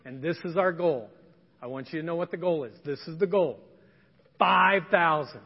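A man's voice: fairly high pitch, fairly quick, husky. A man preaching a sermon, telling a story in a conversational, folksy and emphatic way. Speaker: pastor. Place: church sanctuary. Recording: dull lo-fi sound with long hall reverb.

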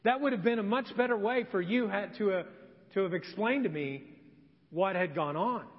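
A man's voice: high voice, normal speed, big-room sound, dull audio, voice pushed down. A man doing a fussy, complaining husband.

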